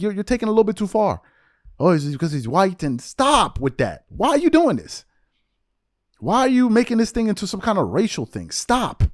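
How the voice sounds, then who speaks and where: Dude with a high voice going off on a blunt fired-up sports rant, dry close mic. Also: male voice, no room sound. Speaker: commentary host. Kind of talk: heated sports commentary rant.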